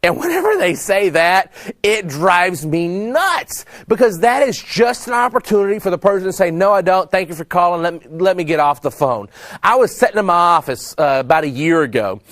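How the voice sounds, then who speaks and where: A man's voice: high-pitched, fairly quick, no room sound. A middle-aged man from Texas, a sales trainer, telling stories about selling and acting out the dialogue. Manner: animated storyteller, acts out dialogue. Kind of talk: storytelling sales talk.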